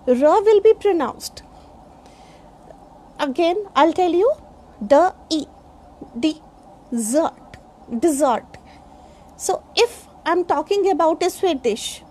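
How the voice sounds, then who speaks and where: A middle-aged woman from India teaching pronunciation, spelling each word out letter by letter in a deliberate way. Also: very high voice, a little mellow. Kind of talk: pronunciation lesson.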